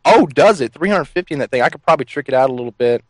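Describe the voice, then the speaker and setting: A man hosting a show, making a prank phone call in a sly, deadpan, teasing manner. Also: on the high side, very fast, no echo.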